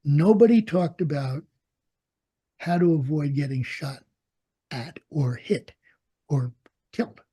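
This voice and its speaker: Older man, veteran interviewee; husky, mellow voice, lively storyteller who acts out the dialogue. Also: a little high, slow, long pauses. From United States. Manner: animated storyteller, acts out quoted dialogue, laughs often. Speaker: interviewee, Vietnam veteran pilot. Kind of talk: storytelling in an oral history interview.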